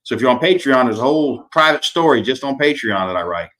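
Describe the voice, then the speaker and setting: A man's voice: medium pitch, animated, fast talker, fairly bright tone. A man hosting a casual live-stream chat, telling folksy stories and swearing freely. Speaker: podcast host and author.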